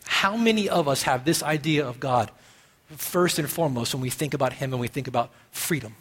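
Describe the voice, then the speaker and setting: A man preaching a sermon as pastor, emphatic, moving from quiet musing to loud stressed phrases. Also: medium pitch, lively intonation, fairly quick, breathy edge. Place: church sanctuary. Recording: long reverb of a church hall.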